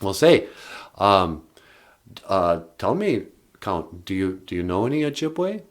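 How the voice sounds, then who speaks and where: A man co-hosting a podcast in easygoing, halting casual chat with many fillers. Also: deep voice, sing-song. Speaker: podcast co-host. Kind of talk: casual comedic radio chat.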